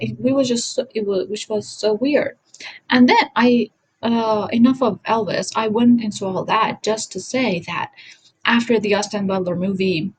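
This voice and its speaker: A woman's voice: mid-range voice, low-quality recording. A woman talking in a casual commentary vlog, rambling and self-correcting, often apologizing, recorded on a home setup. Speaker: vlogger.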